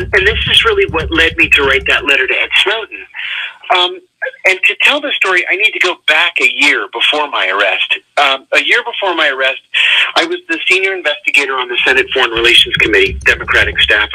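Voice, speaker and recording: A man, a radio interview guest, telling a personal story in an animated way with vivid swings of pitch. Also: slightly rough, low-quality recording.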